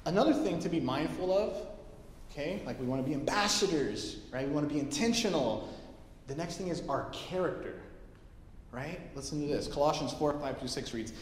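A man preaching a casual sermon, telling stories with lively quoted voices. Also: on the high side, fairly quick. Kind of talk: sermon with storytelling. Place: church hall. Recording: echoey hall, heard from a distance.

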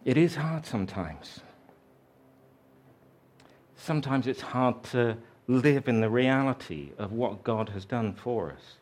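A man preaching a sermon, telling a story slowly and reflectively, raising his voice for the quoted lines. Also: medium pitch, animated, a little mellow.

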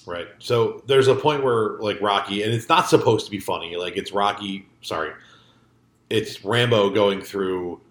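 A man's voice: on the low side, unhurried. A man co-hosting a podcast in loose, profane casual chat, rambling with many fillers. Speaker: podcast co-host. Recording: echoey room.

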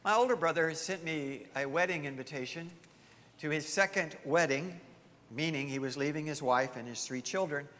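A man's voice: a little high, moderate pace, a bit bright, long reverb tail. A male pastor preaching a sermon emphatically, firing off rhetorical questions to his congregation.

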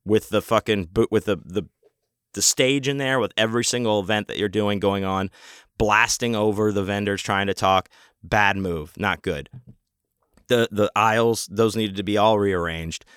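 A man tells a rambling, profane story in a relaxed, casual manner. His voice is low and smooth. The recording is dry and close, with no room sound. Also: normal speed, no echo. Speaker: convention vendor telling a story.

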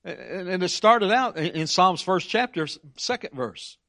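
A man's voice: high-pitched, expressive, a little slow, few pauses, pushed and bright, no room sound, studio quality. A man preaching a sermon, emphatic, often stumbling and repeating words as he presses his points.

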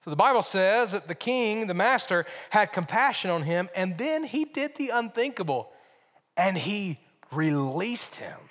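Preaching at a measured pace, this pastor has a high voice with a touch of brightness and wide pitch movement. His sermon echoes through a big hall with long reverb as he repeats phrases, emphasizes points and asks rhetorical questions.

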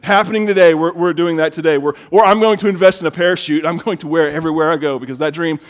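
A middle-aged man preaching a sermon as pastor, telling stories in an animated way and often repeating words as he gets excited. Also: on the high side, racing.

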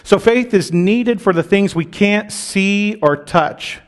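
A man preaching a sermon in a conversational way, with fillers and restarts, slowing down on key phrases and rising for emphasis. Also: sits high.

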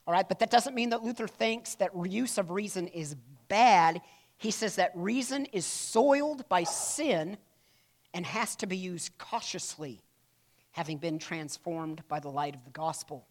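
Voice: medium pitch, a little slow. A church history teacher giving a casual classroom lecture, chatty and digressive, with playful asides to the class and stories retold through acted-out quotes.

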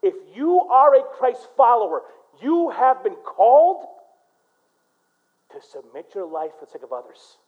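A male pastor from Michigan preaching a sermon, swinging between loud, punchy lines and quiet storytelling. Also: very high voice, big pitch swings, measured pace, narrow, tinny audio.

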